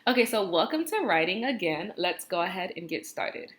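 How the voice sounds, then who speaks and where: A woman teaching first graders in a recorded video lesson, with slow, clear, encouraging talk and drawn-out repeat-after-me phrases. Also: lowish voice, very animated, fairly bright tone.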